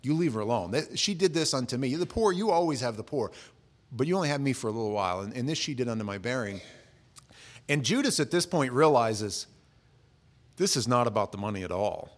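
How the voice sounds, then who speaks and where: A man's voice: mid-range voice, expressive, a little fast. Conversational man preaching a sermon. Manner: conversational, acts out quoted voices, frequent restarts. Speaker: pastor.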